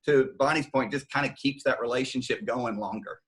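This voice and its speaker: A man on a discussion panel, speaking at a middling pitch. He is hesitant and often restarts his sentences while he gives his view. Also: brisk, a bit bright, rough recording. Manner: hesitant, many fillers and restarts. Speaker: panel guest.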